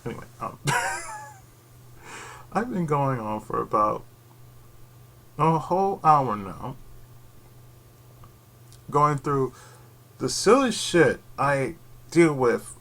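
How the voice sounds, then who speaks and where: A man ranting in a casual vlog from his bedroom, rambling and sarcastic, who keeps slipping into mocking high voices and laughing. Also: very animated, slow pace, long pauses, fairly bright tone. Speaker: YouTube channel host. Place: his own bedroom setup.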